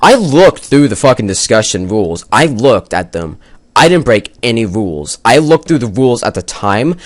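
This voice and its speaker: Young man, angry gaming rant, heavy swearing, lively swinging pitch, dry recording. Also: normal speed, no room sound. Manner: swearing, exasperated, rambling. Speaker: gaming video maker.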